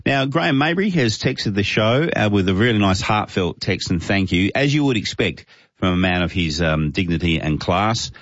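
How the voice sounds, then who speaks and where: Deep-voiced Australian man hosting radio. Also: moderate pace, no echo, dull audio. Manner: relaxed, joking, with frequent "uh" fillers. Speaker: radio host. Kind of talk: casual talk radio chat. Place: radio studio.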